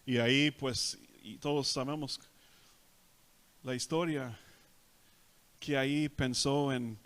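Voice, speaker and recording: A male pastor with a Texas Spanish accent, preaching a sermon and repeating each point in Spanish and then in English, swelling loud on emphasis. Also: mid-range voice. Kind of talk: bilingual sermon. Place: church sanctuary.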